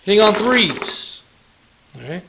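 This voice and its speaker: A man's voice: high voice, big pitch swings, takes it slowly, creaky, noisy background. A man hosting a tabletop wargame battle report, chatting casually through the play, counting dice aloud and throwing in playful taunts.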